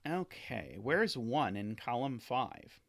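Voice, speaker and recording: Working through a sudoku on a live stream, this man narrates his reasoning to himself, frequently correcting slips and making playful asides for his audience. He speaks slowly in a gravelly voice whose pitch rises and falls in lively swoops.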